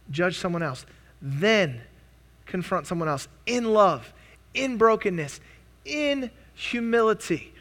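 A young man delivers a sermon, his voice pitched high and ringing bright. He preaches earnestly but conversationally, stumbling and restarting phrases as he goes. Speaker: pastor.

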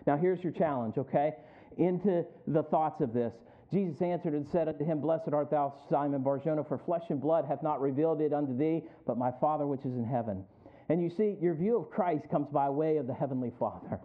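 A man's voice: fairly high pitch, a little fast. A male pastor preaching a sermon, rising in emphasis and calling out to the congregation for responses. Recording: tinny phone-like sound.

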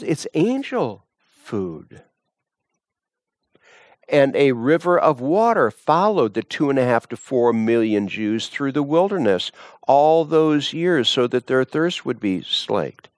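A man preaching a sermon, slow and deliberate, reading scripture and rising into impassioned appeals. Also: fairly high pitch, no echo, studio quality.

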